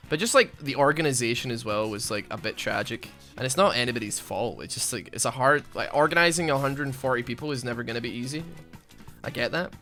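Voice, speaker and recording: A young man giving casual, rambling gameplay commentary, self-mocking and given to sudden loud outbursts at the game. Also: medium pitch, quick pace, faint music behind. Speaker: gaming YouTuber.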